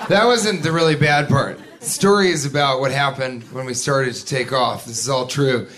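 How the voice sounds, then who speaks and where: A man doing a stand-up comedy set, telling a story in a deadpan way and now and then breaking into a shrill put-on voice. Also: moderate pace. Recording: live club recording with audience and noise. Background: audience laughter.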